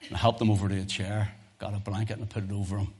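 A male preacher giving a sermon full of personal testimony stories, talking in an animated way that swings from loud emphasis to hushed tones. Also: lowish voice, racing, husky.

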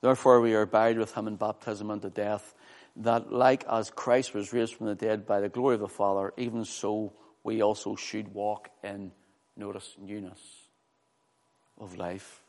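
A man preaching a sermon with fervor, swinging from loud, high exclamations to low, quiet scripture reading. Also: flat delivery, moderate pace. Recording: long hall reverb.

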